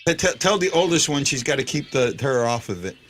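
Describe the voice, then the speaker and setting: A man's voice: mid-range voice, animated, fairly quick, a bit bright, faint music behind. A man hosting a casual sports chat, rambling with lots of fillers and restarts. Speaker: podcast host.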